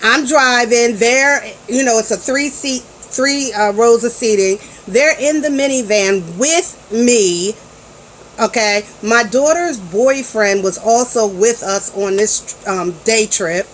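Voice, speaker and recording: A woman's voice: on the high side, slow pace, a little hiss or hum, rough recording. A woman in her forties, a parent vlogger casually telling a story to camera in a chatty, slangy way with frequent restarts.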